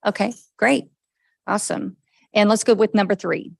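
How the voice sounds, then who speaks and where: A woman facilitating a government budget meeting, brisk and encouraging, with frequent okays as she calls on each member. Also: medium pitch, vocal fry, no room sound, low-quality recording. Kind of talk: leading a group discussion.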